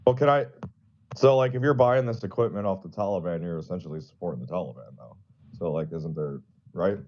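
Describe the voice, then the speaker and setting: A man with a very deep voice fires off quick, probing questions, tripping over repeated words. His audio is muffled and lo-fi. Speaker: participant asking questions. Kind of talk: casual questioning in a voice chat.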